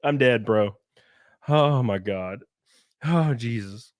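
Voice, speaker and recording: A man's voice: medium pitch, slow pace, no room sound. A man hosting a casual livestream, reading viewer messages and ranting, swearing and mocking critics. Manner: animated, swears, mocks critics in put-on voices. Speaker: livestream host. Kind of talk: casual livestream chat reading super chats.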